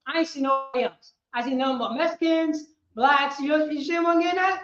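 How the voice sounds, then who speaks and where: A woman teaching a history class, lecturing emphatically, repeating herself and rising to shouts. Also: high-pitched, brisk, soft background music. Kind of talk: street-preaching lecture. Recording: roomy, dull lo-fi sound.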